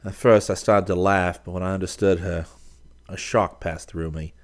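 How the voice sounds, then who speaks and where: A man narrating a first-person story in a measured, dramatic reading. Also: sits low, level tone. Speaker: audiobook narrator.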